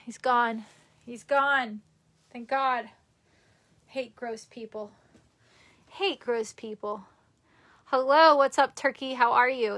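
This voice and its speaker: A young woman with a high voice rambles through a casual live stream. She chats loosely and reads viewer comments aloud from a room in her parents' house. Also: pushed and bright.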